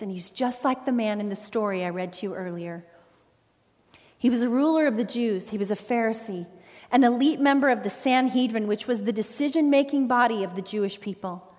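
A woman pastor preaching a sermon in an earnest way, with emphatic pauses. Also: mid-range voice, a little mellow. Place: church sanctuary. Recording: reverberant church hall.

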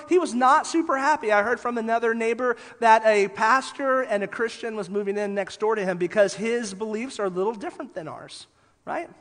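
A man preaching a sermon as pastor, telling lively stories and then dropping quiet for emphasis. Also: high-pitched. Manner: animated storytelling, drops soft for emphasis. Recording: long hall reverb.

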